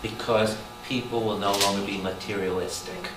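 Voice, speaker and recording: A man, a priest, preaching a Bible study to a congregation, animated and calling out questions to the room. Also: on the low side, moderate pace. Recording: roomy hall taped from a distance with noise.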